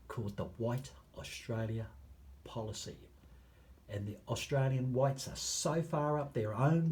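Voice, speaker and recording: Addressing viewers as a campaigner, a man with a New Zealand accent and a mid-range voice makes a passionate appeal. He draws out key phrases and shifts between loud emphasis and hushed asides.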